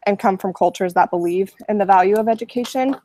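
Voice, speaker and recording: A woman's voice: medium pitch, fast, warm tone, dry recording. A woman leading a class discussion, summarizing an article and posing questions to the group. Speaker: discussion leader in a class webinar.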